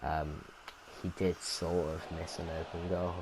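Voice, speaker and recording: A young man with a somewhat low voice talks casually over his football game replay. He rambles from point to point, full of ums and restarts. Steady background noise sits under his voice. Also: a little slow. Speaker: gaming commentator. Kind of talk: casual gameplay commentary.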